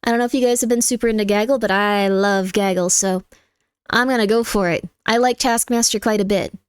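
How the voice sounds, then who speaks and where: A woman's voice: medium pitch, steady tone, brisk, clean tone, no room sound, clean studio sound. A young adult woman streamer in casual chat, joking around and thanking her viewers. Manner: chatty and jokey, thanks viewers by name. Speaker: livestreamer.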